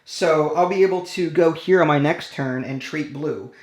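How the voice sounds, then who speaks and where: A man's voice: a little high, moderate pace. A man hosting a board game session, counting out his moves and reading the rules aloud as he goes. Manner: thinks aloud, counts out actions, reads rules step by step. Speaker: board game channel host. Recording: roomy echo.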